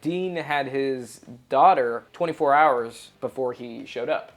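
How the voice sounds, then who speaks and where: A man in his thirties in casual chat, telling behind-the-scenes stories in an animated way and acting out quotes. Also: medium pitch, takes it slowly, faint music behind. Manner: animated storyteller, acts out quotes loudly.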